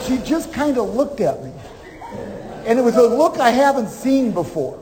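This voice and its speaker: Animated male keynote storyteller in hall. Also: extremely high pitch, moderate pace, a crowd in the background. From Omaha, Nebraska. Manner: animated storyteller, acts out dialogue. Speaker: motivational speaker. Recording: reverberant hall with faint noise.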